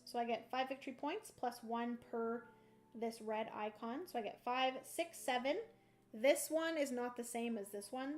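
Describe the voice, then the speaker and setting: Bubbly high-voiced woman streaming board games. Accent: playful put-on country twang. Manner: bubbly and playful, narrating moves aloud. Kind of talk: chatty solo board game livestream.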